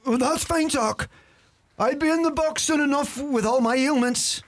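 A man acting out a sly, work-shy old Irish uncle with a strikingly high, reedy voice. He mutters dry, grumbling wisecracks in a thick Irish accent, like a comedy sketch character. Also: normal speed. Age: older.

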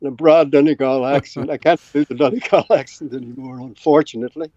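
An Irish man in his eighties, a retired scientist telling stories in a rambling, anecdotal way, often clearing his throat. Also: medium pitch, fairly even intonation, quick pace, dark tone, no echo, highs cut off. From Ireland. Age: 80s. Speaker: guest scientist. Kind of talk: relaxed storytelling.

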